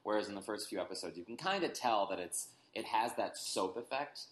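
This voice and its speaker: A man's voice: lowish voice, animated, brisk. A man on a podcast, casually explaining things at length in a knowledgeable way, with many fillers. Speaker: podcast co-host. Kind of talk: casual chat. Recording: echoey room with faint noise.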